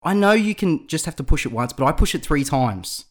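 A man's voice: on the high side, expressive, fairly quick. A young Australian man with an Australian accent, chatting animatedly on a podcast panel and laughing at his own stories. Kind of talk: casual roundtable chat.

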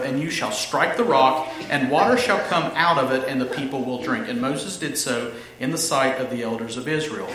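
A man preaching a sermon as pastor, reading scripture aloud and explaining it in an animated, conversational way with asides to the congregation. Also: fairly high pitch. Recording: echoey hall with faint noise.

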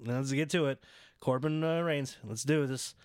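A man's voice: measured pace, clean tone, dry recording, clean studio sound. A man co-hosting a podcast, chatting casually about wrestling and acting out quotes in mocking voices. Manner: animated, acts out quotes in high mocking voices. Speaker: podcast co-host.

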